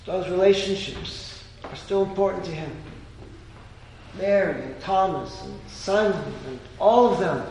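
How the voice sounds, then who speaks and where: A man's voice: high voice, measured pace, darkish tone, a little hiss or hum. A man preaching a sermon, retelling stories and lifting his voice when he quotes the people in them. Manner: storytelling, voicing quoted speakers with rising emphasis. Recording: echoey hall.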